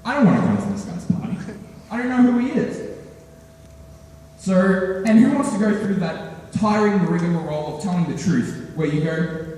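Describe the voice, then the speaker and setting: Teen guy doing stand-up in a big echoey school hall, high voice, sounds far off from the mic. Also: normal speed. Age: teens. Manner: animated, acts out characters with voice changes. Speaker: student stand-up comic. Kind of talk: stand-up comedy routine. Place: school hall at a talent show.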